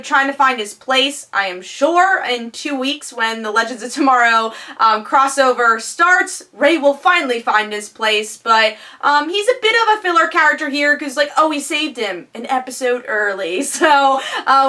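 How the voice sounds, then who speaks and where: A woman talks through a TV episode in a relaxed review. Her voice is bright and a little high, and she keeps hesitating with fillers and restarting her sentences. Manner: chatty, many "um" fillers and restarts. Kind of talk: casual spoken TV review.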